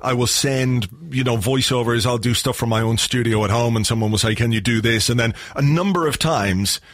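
A man's voice: mid-range voice, brisk, dry recording. An Irish man co-hosting a podcast, chatting in a wry, rambling way with frequent restarts. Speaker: podcast co-host. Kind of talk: casual chat.

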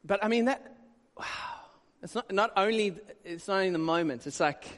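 High-voiced man preaching in a hall. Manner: conversational, animated preaching with quick asides. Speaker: pastor. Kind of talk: sermon. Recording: long hall reverb.

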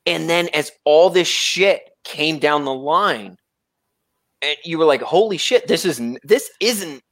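A man in casual chat who jokes loudly and swears freely. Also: on the high side, lively intonation, unhurried. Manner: loud, joking, swears freely. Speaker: podcast co-host. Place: Germany.

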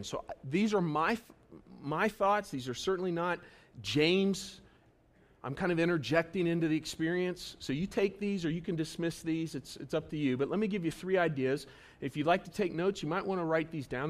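A man with a fairly high voice preaches to his congregation like he's talking with friends. He jumps from raised, emphatic lines to hushed, earnest ones, and he keeps an easy, conversational tone. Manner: conversational preaching that swings between loud bursts and quiet asides. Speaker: pastor. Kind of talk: sermon. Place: church service.

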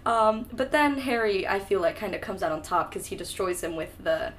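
A woman's voice: medium pitch, expressive, normal speed, a little hiss or hum. A young woman co-hosting a casual book-discussion podcast, breezy and sarcastic, swearing freely as she recaps. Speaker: podcast co-host.

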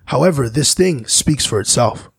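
Gravelly-voiced man musing slowly. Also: medium pitch, animated, no echo. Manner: slow, searching, philosophical, often restarts. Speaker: musician guest. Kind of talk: reflective conversation.

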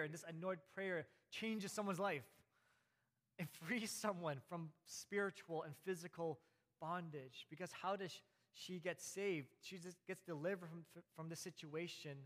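A man's voice: a little high, a bit bright. A man preaching a conversational sermon, laughing lightly and repeating words for emphasis. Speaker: pastor. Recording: hall reverb.

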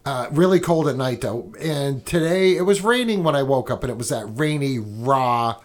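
A man's voice: mid-range voice, animated, normal speed. A man hosting a casual podcast from a garage studio, telling loose, profane stories and teasing his guests. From New England. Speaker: podcast host.

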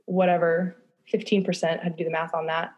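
A woman's voice: on the low side, little pitch movement, fast, a little mellow, highs cut off. A young woman talking candidly on a podcast, casual, with lots of fillers and swearing. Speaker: guest.

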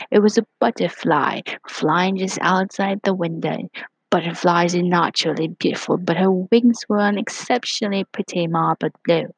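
Husky woman reading a storybook aloud. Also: fairly low pitch, no room sound, rough recording. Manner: slips into whispers for suspense. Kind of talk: storybook read-aloud narration.

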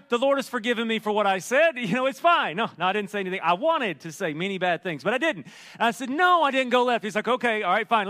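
A middle-aged man preaching a sermon as pastor, telling a story in an animated, joking way. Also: sits high. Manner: storytelling, animated, jokey asides.

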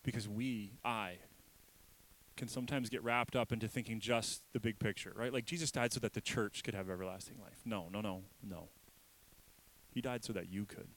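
A man with a low-pitched voice delivers a sermon as a pastor. He speaks emphatically and repeats phrases for weight. He swings from loud lines to quiet, hushed ones. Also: moderate pace, rough recording.

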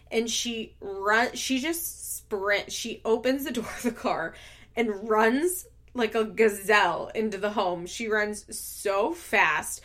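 Female podcast host with a mid-range voice, gossipy and expressive, swears freely and laughs often. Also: mid-range voice, takes it slowly. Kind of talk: casual reality-TV recap.

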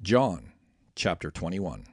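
Expressive man reading scripture. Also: low-pitched, takes it slowly, husky, no echo, studio quality. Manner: expressive, dramatic. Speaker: scripture reader.

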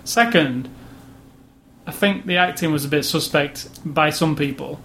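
A man with a somewhat high voice talks over a film in casual chat, rambling and often starting his sentences again. A faint background hiss runs under his voice. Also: unhurried, fairly bright tone. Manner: thoughtful, rambling, restarts sentences. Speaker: movie review podcast co-host.

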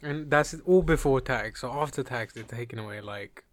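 Young British podcast co-host, crude swearing banter, middle pitch. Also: male voice, moderate pace, a little hiss or hum. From Britain. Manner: crude, joking, swears a lot.

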